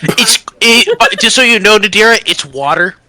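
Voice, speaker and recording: A man's voice: sits high, lively intonation, moderate pace, bright, forceful tone, no echo. A man playing a tabletop game who stammers and laughs while he talks. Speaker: player. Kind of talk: casual tabletop play.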